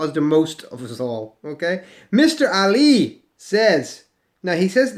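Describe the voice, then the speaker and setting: A man in his forties hosting a video, reading hostile comments aloud and answering them with mocking sarcasm. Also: a little high. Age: 40s. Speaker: YouTube host.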